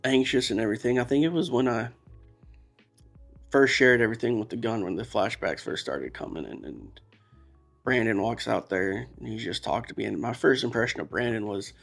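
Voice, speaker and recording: A man's voice: medium pitch, brisk, gravelly, fairly bright tone, faint music behind. A man, possibly, telling a personal story in a candid, emotional way, rambling and restarting as he talks. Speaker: podcast guest. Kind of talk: casual storytelling.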